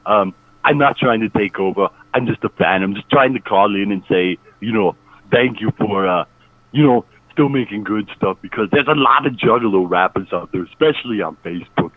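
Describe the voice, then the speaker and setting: A man's voice: on the low side, normal speed. A man calling in to a radio show, hesitant, with lots of ums and you-knows. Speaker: caller. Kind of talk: casual call-in. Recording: tinny phone line.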